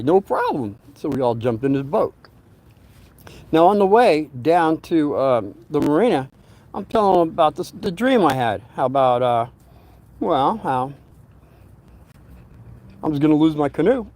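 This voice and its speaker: A man's voice: a little high, very animated, normal speed, pauses often, a little mellow. An older man casually telling a personal story, rambling and often repeating words as he searches for them.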